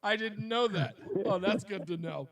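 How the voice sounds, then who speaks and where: High-voiced joking radio host. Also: male voice, moderate pace, a bit bright. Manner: joking, laughs often, self-deprecating. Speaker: radio talk show host. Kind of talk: casual call-in radio talk. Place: radio studio.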